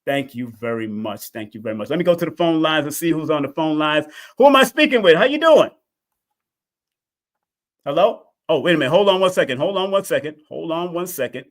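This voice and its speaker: A man with a voice on the high side hosts a live call-in stream, talking fast with hardly any pauses. He's casual and highly energetic, repeats himself a lot, and addresses both chat and callers.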